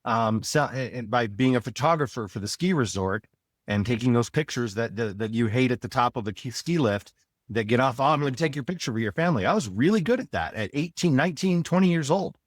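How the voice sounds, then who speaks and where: A man's voice: mid-range voice, expressive, brisk, no room sound, clean studio sound. Blunt, emphatic man in his forties. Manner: blunt, emphatic, advice-giving. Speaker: podcast guest, sales veteran. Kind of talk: casual interview talk.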